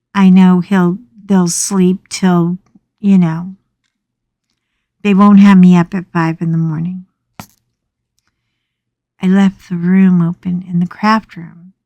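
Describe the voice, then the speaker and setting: A middle-aged American woman telling a story in a chatty, animated way as she talks on her craft channel. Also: mid-range voice, dry recording. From United States. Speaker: craft vlogger. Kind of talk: casual storytelling chat. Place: small home craft room.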